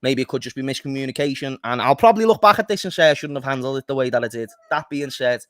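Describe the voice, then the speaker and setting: A man's voice: mid-range voice, quick pace, a bit bright, no room sound. A man co-hosting a football fan chat, talking passionately, ranting and swearing freely. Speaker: fan channel co-host.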